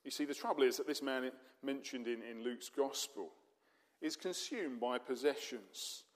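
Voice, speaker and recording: A man's voice: medium pitch, normal speed. A man preaching a sermon in a conversational way, with rhetorical questions and dry humour. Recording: long hall reverb.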